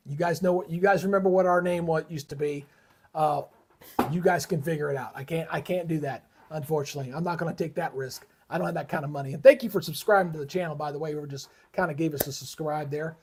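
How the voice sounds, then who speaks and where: A man's voice: a little high, fast, a little hiss or hum. A middle-aged man hosting a live weather stream, heated and ranting, swearing often in casual commentary. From Georgia, USA. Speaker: weather livestream host.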